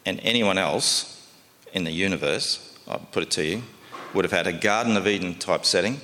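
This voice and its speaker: A man's voice: deep voice, normal speed, sharp tone, big-room sound. A man preaching a sermon in a conversational, folksy way, often asking his listeners questions.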